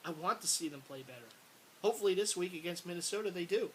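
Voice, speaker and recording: Guy venting about his team on camera, kinda high voice, repeats himself a lot, bit of hiss. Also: expressive, fast talker, low-quality recording. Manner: frustrated, rambling, repeats words, bursts of exasperated shouting. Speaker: sports fan vlogger. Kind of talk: casual sports rant to camera. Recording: faint hiss.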